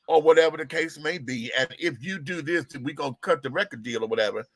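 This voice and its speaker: Male host, sassy and theatrical gossip commentary, bright, close and dry. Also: on the high side, fast, hardly any pauses, slightly rough, no room sound. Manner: talks to the audience while fixing tech. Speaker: show host. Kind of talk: live-stream gossip commentary.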